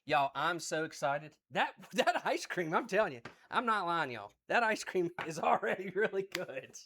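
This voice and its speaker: Excited Appalachian man cooking on stream. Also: high voice, normal speed. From West Virginia. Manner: folksy and exuberant, repeats phrases. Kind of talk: excited cooking livestream chat.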